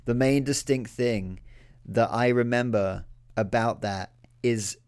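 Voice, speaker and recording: A British man in his thirties co-hosts a wrestling podcast, talking loosely and joking with his partner. His voice sits in an ordinary middle pitch. The talk is relaxed and unscripted. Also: slow pace, clean tone. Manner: laid-back, loose and joking. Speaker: podcast co-host. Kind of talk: casual chat.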